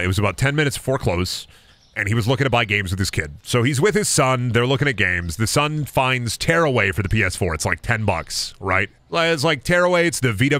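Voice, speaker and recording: A man's voice: mid-range voice, sharp tone, no room sound. A man streaming a game and telling rambling, jokey stories in casual chat, swearing freely. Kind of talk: casual gameplay chat and storytelling.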